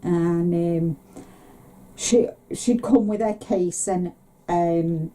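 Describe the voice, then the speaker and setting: Very dark-voiced woman chatting. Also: fairly even intonation, drawn-out words. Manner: chatty, rambling, mimics relatives in a higher voice. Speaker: podcast co-host. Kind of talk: casual chat.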